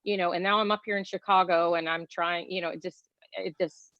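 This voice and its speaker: A woman's voice: on the low side, fairly even intonation, fairly quick, no room sound. A woman from Texas, a guest talking casually in an outspoken, chatty way with many fillers. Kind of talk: casual conversation. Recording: dull lo-fi sound.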